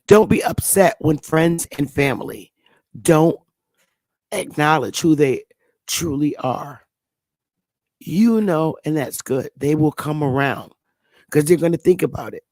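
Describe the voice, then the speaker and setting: A woman's voice: low-pitched, a little mellow, no echo. A woman hosting her own channel, telling a rambling story in a casual monologue, often repeating and restarting words. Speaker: channel host.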